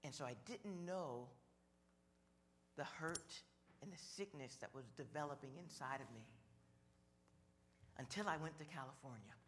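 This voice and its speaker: A man preaching a sermon, slow and measured, building on repeated phrases. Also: on the high side, lively intonation, fairly bright tone, a little hiss or hum. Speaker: pastor.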